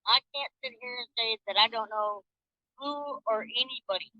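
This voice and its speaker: A woman's voice: fairly high pitch, normal speed, no echo. A woman and mother talking defensively and swearing a lot, over dull lo-fi call audio. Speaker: mother of a missing girl.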